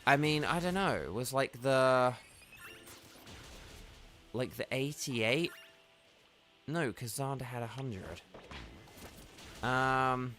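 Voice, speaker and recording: A man's voice: mid-range voice, pushed and bright. Tired man streaming a game. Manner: rambling, chatty, addresses viewers directly. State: tired, yawning. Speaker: gaming livestreamer. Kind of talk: casual livestream commentary while playing.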